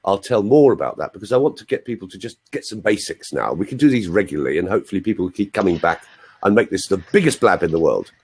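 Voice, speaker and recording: A middle-aged man working as a voice coach, talking in an animated, demonstrative way. His voice sits low with a husky edge, and his pitch moves up and down a lot. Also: fast. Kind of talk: live video interview.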